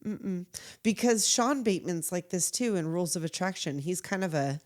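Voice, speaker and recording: A woman's voice: on the low side, expressive, moderate pace, a little mellow. A woman co-hosting a podcast, recapping a film in casual chat, chatty and cursing, acting out bits of dialogue. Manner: chatty, swears, acts out lines from scenes. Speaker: podcast co-host.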